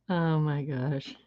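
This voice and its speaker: Low slow woman rambling thru stories while she colors, laughs a lot, dull lo-fi audio. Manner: laughs often, rambling anecdotes. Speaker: craft video host. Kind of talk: chatty storytelling while coloring. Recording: dull lo-fi recording.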